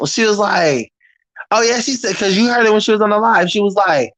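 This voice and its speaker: A man telling a story to the camera in a casual, animated and profane way, full of slang. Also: high voice, brisk, dry recording, poor audio. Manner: animated, profane, slangy and talking straight to the viewer. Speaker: storyteller vlogger.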